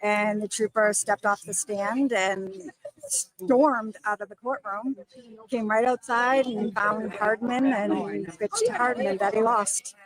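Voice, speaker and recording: A woman joining a livestream as a guest, recounting court events in an animated, casual way. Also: on the high side, slow, poor audio. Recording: crowd noise behind the voice.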